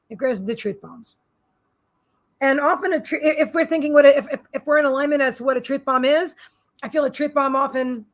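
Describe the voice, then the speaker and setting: A woman's voice: sits high, a bit bright. A middle-aged woman, a psychic healer giving a live-streamed spiritual reading in a rambling, repetitive, soothing way.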